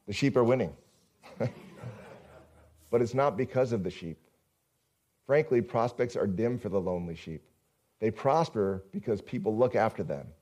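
A man's voice: lowish voice, expressive, normal speed, pauses often, darkish tone. A male pastor giving a conversational sermon, often asking the congregation questions.

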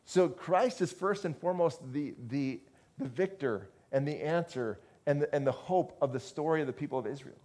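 A man's voice: on the high side, expressive, moderate pace, a little mellow. A man preaching a conversational sermon to a congregation, often restarting phrases and asking the listeners questions. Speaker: pastor.

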